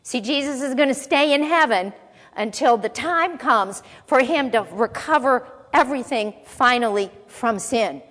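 A woman with a somewhat high voice delivers a sermon, reading scripture aloud and breaking off to explain it in plain, conversational asides. Her voice rings out with a long echo, as if in a large church hall. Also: animated, measured pace, a bit bright. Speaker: Bible teacher.

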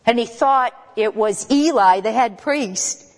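A woman teaching a Bible lesson in a conversational, emphatic way, with quick asides to her listeners. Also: fairly high pitch, in a large hall.

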